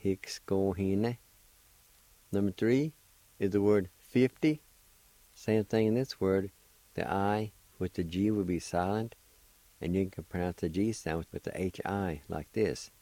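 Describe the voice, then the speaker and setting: A man gives a radio language lesson, his voice very low and mellow. He takes his time, spelling each word out patiently and encouraging his listeners. The sound is dry and close, as from a studio microphone. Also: unhurried, no room sound, low-quality recording.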